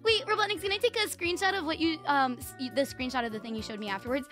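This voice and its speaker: High-voiced woman streamer, laughing storyteller. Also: quick pace, faint music behind. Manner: laughs often, swears, animated and rambling. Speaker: VTuber streamer. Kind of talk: casual storytelling to stream chat.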